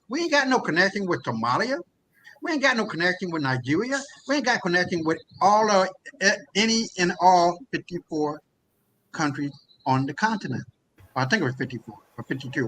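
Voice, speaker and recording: A man from the United States, a guest in a discussion, talking in a heated, impassioned rant that often rises toward a shout. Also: high voice, sing-song, fairly quick, a little hiss or hum, rough recording. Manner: impassioned, profane, often raising his voice to near shouting. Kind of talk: heated ranting talk.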